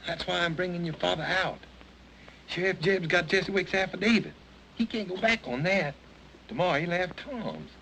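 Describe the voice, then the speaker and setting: A man's voice: high voice, lively intonation, normal speed, vocal fry, pushed and bright, a little hiss or hum, exaggerated voice, rough recording. An actor playing a determined young Southern man in a 1940s film, pressing hard with an insistent manner. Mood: pleading. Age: young adult. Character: determined young swamp-country man, stubborn.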